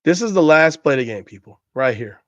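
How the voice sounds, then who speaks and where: A man's voice: on the high side, lively intonation, a little fast, a bit bright, dry recording, muffled recording. Ranting profane man. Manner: ranting, profane, incredulous, repeats himself. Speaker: podcast host. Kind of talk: heated sports commentary over game footage.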